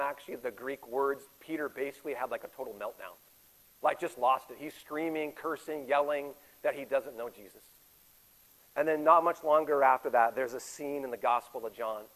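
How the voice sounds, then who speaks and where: A man in his forties preaching a sermon as a pastor, swinging between loud emphatic stretches and hushed, intimate ones. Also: a little high, low-quality recording. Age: 40s. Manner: animated, shifts from loud emphatic to quiet intimate.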